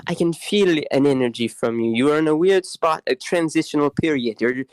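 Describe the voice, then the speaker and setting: A man voicing a female psychic fortune teller in a put-on accent, slow and mystical. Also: deep voice, darkish tone, clean tone, no room sound, natural voice. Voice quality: exaggerated accent.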